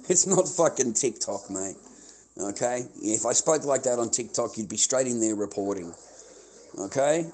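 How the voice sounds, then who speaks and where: A man's voice: mid-range voice, moderate pace, dark tone. A man with an Australian accent ranting to his livestream viewers, heated and profane, swearing and repeating himself constantly. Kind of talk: angry livestream rant.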